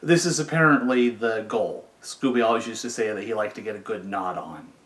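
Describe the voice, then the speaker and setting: A middle-aged man telling a story in a relaxed, wry, conversational way. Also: fairly low pitch, a little fast. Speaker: storyteller, former prisoner. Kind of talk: casual spoken storytelling. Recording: echoey room.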